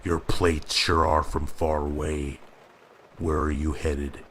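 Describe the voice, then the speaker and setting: A man voicing an eerie male highway police officer who speaks in a slow Midwestern drawl, in a spoken horror story. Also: flat delivery, a bit bright, slight background noise, heavily acted. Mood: eerily polite.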